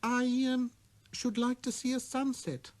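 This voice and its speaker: A man voicing a small, timid boy from another planet who speaks softly and earnestly, with shy politeness. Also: very high-pitched, level tone, measured pace, pitched above the performer's own voice.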